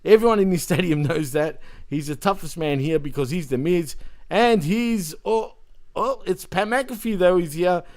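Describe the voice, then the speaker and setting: A man with a slightly higher voice chats casually on a wrestling podcast, recapping what happened and laughing often. His sentences run on loosely from one moment to the next. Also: normal speed, a little mellow. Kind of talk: casual chat.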